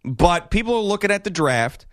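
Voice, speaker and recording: A man's voice: high voice, sing-song, moderate pace, fairly bright tone, no room sound, clean studio sound. A man hosting a casual sports talk show, bantering about the draft and laughing often.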